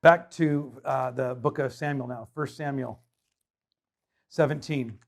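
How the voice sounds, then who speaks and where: A man's voice: mid-range voice, fairly even intonation, a little slow, gravelly. A man preaching a sermon as pastor, emphatic and conversational, putting rhetorical questions to his congregation.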